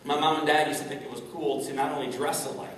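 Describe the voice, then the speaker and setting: A motivational speaker's slightly high, fairly bright voice moves quickly with little pitch movement as he tells a personal story in an inspirational keynote, addressing the crowd directly. The large event hall sounds echoey through a distant mic, with slight background noise.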